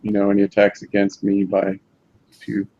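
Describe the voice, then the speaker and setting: A man's voice: lowish voice, monotone, moderate pace, dark tone, dull audio. A man playing a tabletop game, thinking aloud hesitantly with many fillers. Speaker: player.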